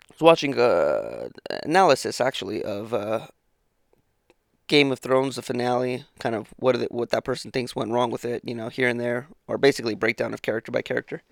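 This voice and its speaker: This solo podcast host sounds sleepy and keeps yawning through his casual morning monologue, which rambles, swears a lot, and keeps interrupting itself. His gravelly voice sits at a medium pitch and moves along fairly quickly. The audio is clean studio quality with no echo.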